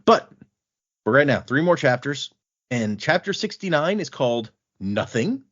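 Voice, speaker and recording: A man hosting a podcast, casually walking through a book's chapters in an animated retelling. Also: mid-range voice, measured pace. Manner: animated retelling, acting out quotes in passing. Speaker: podcast host recapping a book. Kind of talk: casual chat. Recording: dull lo-fi podcast audio.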